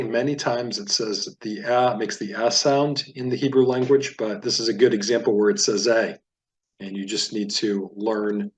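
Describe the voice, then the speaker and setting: A man teaching a Biblical Hebrew reading lesson, patiently sounding out each word and then explaining it at a relaxed teaching pace. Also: on the low side. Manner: patient, explanatory, repeats words slowly for learners.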